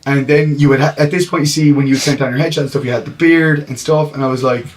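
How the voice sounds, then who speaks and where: A man's voice: a little high, steady tone, fast. Candid man hosting a podcast. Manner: rambling, candid, swears freely. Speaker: podcast host and filmmaker. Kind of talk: casual chat.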